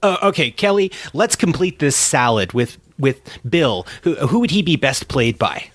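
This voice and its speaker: A man's voice: a little high, sing-song, fairly bright tone, no echo. A Canadian man hosting a podcast, playful and teasing in casual chat. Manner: playful, teasing, quick to joke. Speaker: podcast host.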